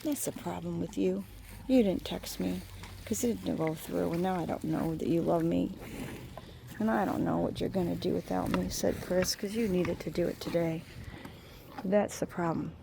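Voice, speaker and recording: A woman's voice: lowish voice, fairly even intonation, moderate pace, gravelly, background noise. A woman talking in a rambling, sing-song way to a cow outdoors, recorded on a phone camera. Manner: sing-song baby talk to a cow, drifting into soft musings. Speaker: animal lover talking to a cow. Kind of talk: rambling talk to an animal.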